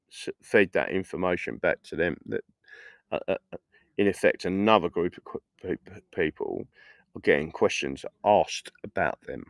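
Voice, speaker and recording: A deep-voiced middle-aged Englishman, recorded with no room sound, hosts a casual political livestream. He's outside in a festival field in the evening, meandering through stories, swearing freely, and chuckling at his own jokes.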